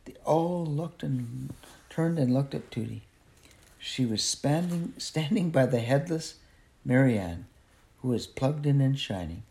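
A man narrating a children's novel aloud in an expressive, unhurried way. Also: medium pitch, creaky. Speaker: audiobook narrator. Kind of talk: storybook narration.

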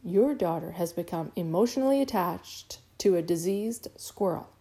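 Woman playing a blunt, commanding storybook mom; slow, deliberate, mellow-toned. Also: fairly low pitch, lively intonation. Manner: slow, emphatic, spelling things out. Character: stern, exasperated mother, blunt and commanding.

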